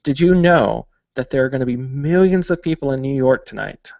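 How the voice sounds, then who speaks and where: A man's voice: mid-range voice, animated, a little fast, gravelly, a little mellow, no room sound, highs cut off. A man hosting a podcast, talking casually and joking, with lots of fillers. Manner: chatty, jokey, many fillers. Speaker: podcast host. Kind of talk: casual chat.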